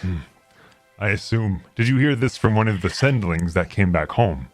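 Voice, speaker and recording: Deep male player voicing his character with measured gravity; soft music bed. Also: lively intonation, no room sound. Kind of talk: in-character tabletop role-play.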